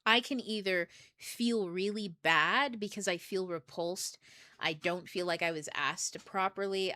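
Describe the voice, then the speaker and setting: A woman hosts a casual book club stream with a bright, forceful voice. She talks candidly, peppering her thoughts with swearing and lively asides. The sound is dry and close. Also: fairly low pitch, no echo. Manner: candid and profane, swears freely; animated, jumps between thoughts and asides. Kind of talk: casual livestream talk.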